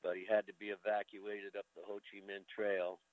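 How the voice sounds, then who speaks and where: An older American man with a very deep voice tells a personal story as a veteran in a conversation. He talks candidly and emotionally and swears casually. The recording is close and dry. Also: little pitch movement, normal speed, no echo, poor audio. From United States. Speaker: veteran telling his story.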